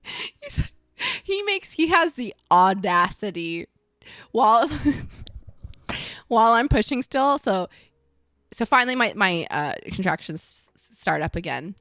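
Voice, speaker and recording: Young woman on a podcast telling a story all animated, acts out quotes, pitch all over the place. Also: slow pace, no room sound, clean studio sound. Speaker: podcast co-host. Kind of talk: casual podcast chat.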